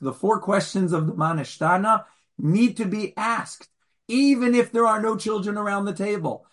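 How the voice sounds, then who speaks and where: A rabbi teaches his class in a chatty, animated way, tossing playful asides to the room. His voice is husky and sits a touch high for a man. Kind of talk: conversational lecture.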